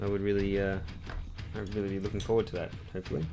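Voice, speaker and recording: A man's voice: lowish voice, monotone, very fast, music in the background. A man chatting casually on a livestream while painting a model, loose and sweary, reading chat messages aloud and answering them.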